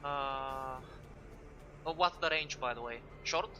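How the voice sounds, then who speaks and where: A man's voice: medium pitch, slow pace, sharp tone, a little hiss or hum. A man playing a tabletop game, chatting about the rules and describing what his character does. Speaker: player. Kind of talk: casual tabletop game play.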